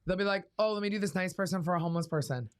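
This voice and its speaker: A woman's voice: lowish voice, rapid-fire. A Canadian woman hosting a podcast, chatting casually with a guest, blunt and teasing and swearing freely. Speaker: podcast host. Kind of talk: casual chat. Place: podcast studio.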